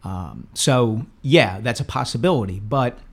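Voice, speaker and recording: Chatty mid-pitched man talking sports. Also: a little slow, slightly rough. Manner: relaxed, chatty, opinionated, with filler words. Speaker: podcast co-host, sports columnist. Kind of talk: casual sports chat.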